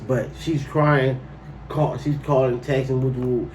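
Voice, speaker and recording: A man's voice: mid-range voice, flat delivery, a little slow, darkish tone, distant mic, a little hiss or hum, rough recording. A man telling a personal story to camera in a casual, slangy way, breaking into incredulous outbursts.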